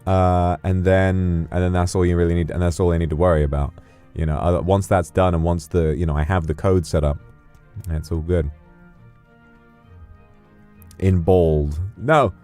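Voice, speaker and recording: A man chatting casually on a livestream, playful and rambling, his voice leaping up when he gets excited. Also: low-pitched, moderate pace, pauses often, clear, resonant tone, faint music behind. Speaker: streamer.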